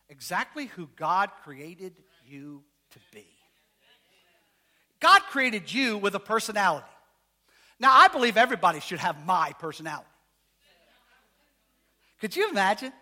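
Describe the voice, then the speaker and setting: Pastor, male, high and bright, bouncy delivery, jokes with the congregation mid-sermon. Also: measured pace, pauses often. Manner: animated, joking, asks the congregation questions. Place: church.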